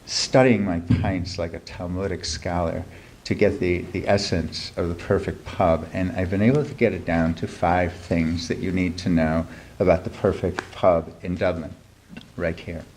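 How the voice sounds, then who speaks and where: A man's voice: low-pitched, fairly even intonation, normal speed, a little mellow, slight background noise. A middle-aged man reading his humorous essay aloud at a live reading event, dry and wry, with many ums between phrases. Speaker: writer reading his piece.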